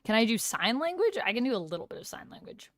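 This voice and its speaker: A woman's voice: on the high side, big pitch swings, fast talker, no echo, studio quality. A woman streamer chatting casually on a livestream, reading out chat messages, answering them and trying out phrases with a light laugh. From Canada. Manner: reads out chat and chats back, tries out phrases with a light laugh.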